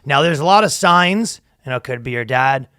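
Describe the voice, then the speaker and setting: Joking podcast host, dry sound. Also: male voice, medium pitch, expressive, normal speed, bright, forceful tone, clean tone, no room sound. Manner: joking, laughs often. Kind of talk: casual comedic chat.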